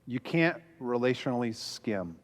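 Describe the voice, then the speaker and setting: A man's voice: mid-range voice, expressive, measured pace. A man speaking as a pastor at a conference, telling a story with lots of energy and acting out the lines he quotes. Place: large hall before an audience. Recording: long reverb of a large hall.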